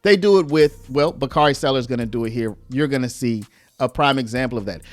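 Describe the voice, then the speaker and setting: A man's voice: medium pitch, brisk, no room sound. A man hosting a casual commentary video, talking to viewers and acting out quoted speech in a raised voice. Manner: lively, conversational, uses "y'all", acts out quotes in raised voice.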